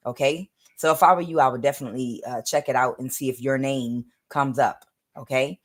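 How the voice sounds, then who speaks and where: Low-voiced woman giving a rambling tarot reading. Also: steady tone, a little fast. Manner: rambling, many "uh" fillers, calls listeners "baby". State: throat strained, voice lowered. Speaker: tarot reader.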